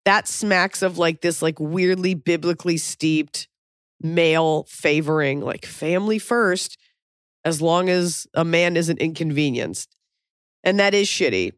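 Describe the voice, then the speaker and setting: A woman's voice: low voice, clear, resonant tone, dry recording, studio quality. Blunt, swearing woman podcast host. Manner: blunt, swears freely, riffs and asks rapid questions. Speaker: podcast host giving advice. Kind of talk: casual advice podcast chat.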